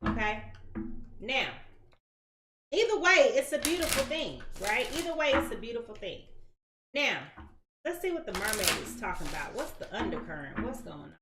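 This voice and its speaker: A woman's voice: on the high side, big pitch swings, normal speed, pauses often, roomy sound, background noise. A woman giving a casual live-stream tarot reading, chatty and slangy, talking straight to her viewers. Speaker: tarot reader.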